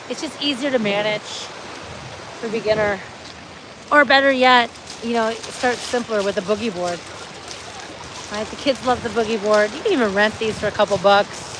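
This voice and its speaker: A woman hosting a live walking vlog on a beach, chatting upbeat straight to her viewers. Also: fairly high pitch. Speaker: livestream host. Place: outdoors on a beach. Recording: outdoor phone audio with loud surf noise. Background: surf and wind noise.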